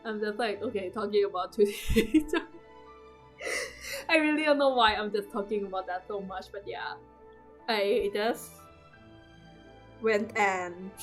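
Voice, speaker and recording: A young woman rambling through casual gameplay commentary, excitable and laughing often. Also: mid-range voice. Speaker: gaming youtuber. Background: game music.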